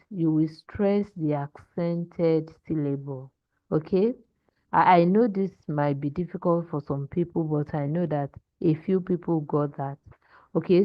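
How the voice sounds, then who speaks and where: A woman teaches a language class, talking slowly and patiently as she models pronunciation. Her voice sits a little low. The online class audio sounds dull and dry. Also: no echo.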